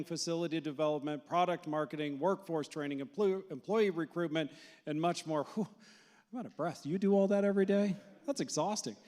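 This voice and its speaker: A man acting as an event emcee, introducing speakers with playful, joking banter. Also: fairly high pitch. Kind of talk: public speech introducing speakers. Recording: long hall reverb.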